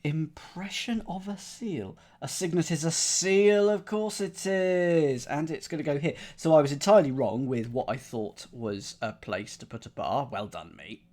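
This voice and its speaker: A man's voice: fairly high pitch, moderate pace, hardly any pauses, a little mellow. A man solving a crossword live on stream, thinking aloud in a playful, muttering way. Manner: playful, muttering to himself while reasoning.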